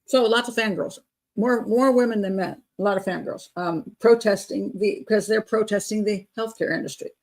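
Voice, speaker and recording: A woman's voice: mid-range voice, normal speed, darkish tone. An older woman hosting a live chat show, blunt and opinionated, laughing often as she reads out viewer comments.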